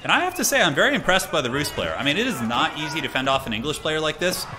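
A man giving casual, excitable live commentary on a strategy game tournament, chatting with his stream viewers as he goes. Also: on the high side, quick pace, music in the background. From United States. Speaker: tournament caster.

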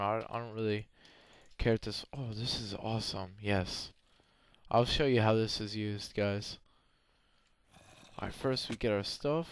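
A young man giving game commentary, excitable, often yelping and screaming when in danger. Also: fairly low pitch, clean tone, no room sound. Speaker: gameplay commentator.

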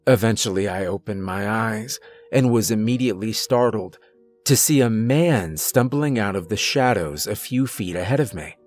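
A man reading a horror story aloud as scripted narration, in a measured storytelling manner. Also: lowish voice, faint music behind.

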